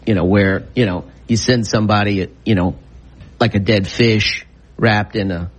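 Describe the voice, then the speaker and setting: Husky drawling talk radio host. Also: male voice, lowish voice, fairly even intonation, moderate pace. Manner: rambling, full of fillers and restarts. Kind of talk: casual talk radio banter.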